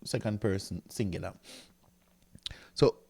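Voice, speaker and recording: A deep, slightly mellow male voice with vocal fry and a measured pace belongs to a Greek teacher giving a recorded grammar lecture. He explains step by step, reading from a textbook and writing on a board, often pausing to ask "right?"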